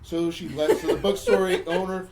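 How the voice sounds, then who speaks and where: A man's voice: sits high, fairly even intonation, moderate pace, a little mellow, a little hiss or hum, rough recording. A man co-hosting a podcast, casually retelling a film plot in a wry, mocking play-by-play, often stumbling and repeating words. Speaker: podcast co-host. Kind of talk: casual chat recapping a film.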